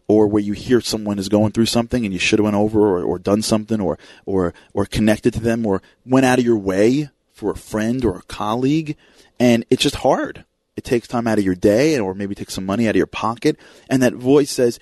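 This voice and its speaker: Male fill-in radio host, low voice, dry close studio sound, storytelling monologue that slips into quoted voices. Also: a little fast, a little mellow, no room sound.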